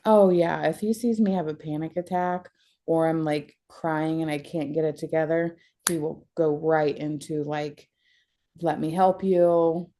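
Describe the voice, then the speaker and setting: Woman, young adult, counseling client, emotional, laughs a lot, blunt, somewhat low pitch, warm tone. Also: steady tone, moderate pace. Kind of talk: candid counseling conversation.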